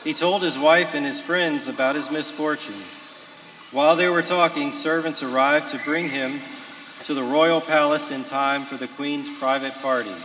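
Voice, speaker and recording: Bright-voiced man reading the Megillah in a hall. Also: on the high side, fairly even intonation, normal speed. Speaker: Megillah reader. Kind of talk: dramatic scripture reading to a congregation. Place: large synagogue sanctuary. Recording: reverberant hall.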